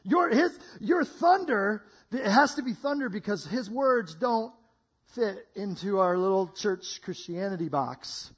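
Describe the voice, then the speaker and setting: A man preaching a lively sermon to a congregation, acting out voices and laughing between lines. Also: high voice, measured pace, breathy edge, highs cut off. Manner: animated, acts out voices, laughs often. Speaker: guest preacher. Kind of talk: energetic sermon.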